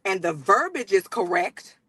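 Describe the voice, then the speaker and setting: A woman's voice: mid-range voice, sing-song, unhurried, fairly bright tone, breathy edge, dry recording. A woman in her fifties hosting a casual panel discussion, explaining her points firmly and often agreeing with "exactly.". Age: 50s. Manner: emphatic, repeats "exactly", lectures. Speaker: panel host.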